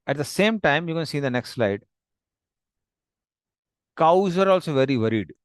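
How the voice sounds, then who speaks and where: A man narrating a devotional story slowly and plainly, pointing to slides as he goes. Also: a little high, animated, dry recording, clean studio sound. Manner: slow, plain, explanatory with pauses.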